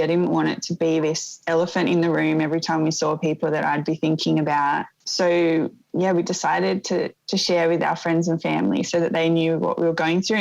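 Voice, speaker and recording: A woman in her thirties telling a painful personal story in an interview, in a soft, reflective way that often halts and starts again. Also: low-pitched, gravelly, muffled recording. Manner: soft, reflective, halting with restarts. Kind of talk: emotional personal testimony.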